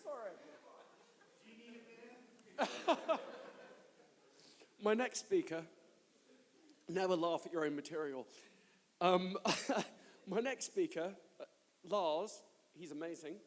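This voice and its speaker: High-voiced man, giggling conference host, hall echo. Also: measured pace, pauses often. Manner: giggly, keeps breaking into laughter. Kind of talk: live stage introduction. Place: large hall with long reverb. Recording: live conference hall reverb.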